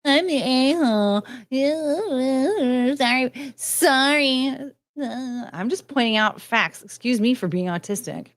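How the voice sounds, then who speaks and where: A woman's voice: high-pitched, takes it slowly, a bit bright. A woman hosting a casual livestream, chatty and self-mocking as she answers her chat. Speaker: livestream host.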